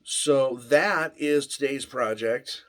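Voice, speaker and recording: A man's voice: mid-range voice, takes it slowly, a bit bright. A man casually telling a rambling story in a workshop vlog, full of fillers and restarts. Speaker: vlogger. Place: home workshop.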